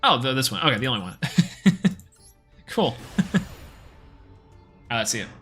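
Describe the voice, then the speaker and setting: Male streamer, bright tone, loose running commentary. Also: medium pitch, very animated, moderate pace, faint music behind. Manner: casual, chatty play-by-play, thinking aloud. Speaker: game streamer. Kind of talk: live gameplay commentary.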